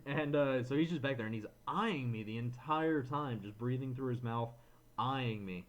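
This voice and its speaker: A man's voice: mid-range voice, normal speed. Ranting young man telling a story. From Florida, USA. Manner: animated ranting, acts out others in quotes. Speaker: podcast co-host. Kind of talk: casual storytelling chat.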